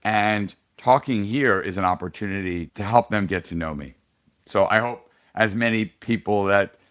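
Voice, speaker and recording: In a relaxed podcast interview, a middle-aged political candidate recounts a story with plenty of energy and frequent laughter. He speaks in a deep voice.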